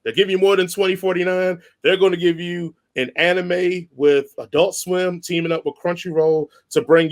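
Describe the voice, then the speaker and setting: A man, hosting a casual podcast chat and running the segments. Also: on the high side. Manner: laid-back, runs the segments, tells anecdotes. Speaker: podcast host.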